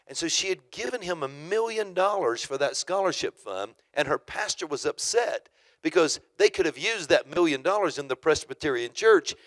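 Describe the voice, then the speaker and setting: A man's voice: on the high side, lively intonation, moderate pace, fairly bright tone, dry recording. A middle-aged male pastor teaching at a church conference, telling stories and acting out quotes with emphasis. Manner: storytelling, emphatic, acts out quotes. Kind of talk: sermon-style teaching. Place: church auditorium.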